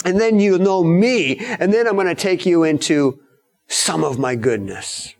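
A man preaching a sermon in a storytelling way, acting out the lines of the people in his story with sudden high shouts. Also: expressive, a little slow.

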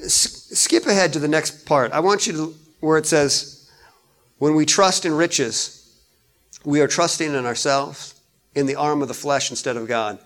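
A male pastor preaching a sermon, chatting with his congregation and rising loud when he reads scripture. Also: fairly high pitch, unhurried. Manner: conversational preaching, rises loud on scripture readings.

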